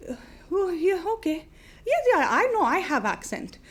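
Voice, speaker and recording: A woman's voice: very high-pitched, big pitch swings, normal speed, fairly bright tone, heavily acted. A woman playing a chatty older temple lady with a foreign accent, who halts with many fillers and mothers the caller on the phone in a live comedy monologue. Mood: flustered. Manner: patient, motherly, talks to the caller like a nosy aunt.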